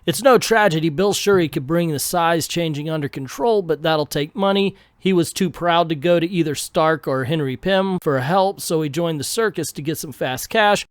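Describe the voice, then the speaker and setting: A man's voice: a little high, moderate pace, few pauses, dry recording. A man in his fifties reviewing a comic book casually, with sarcastic asides.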